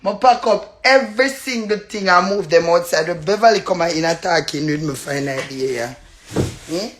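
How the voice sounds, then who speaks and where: A woman with a Jamaican accent, a tenant loudly cursing and taunting her landlord in patois during a real-life argument, breaking into laughter between insults. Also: fairly low pitch, expressive, moderate pace. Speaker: tenant in a dispute.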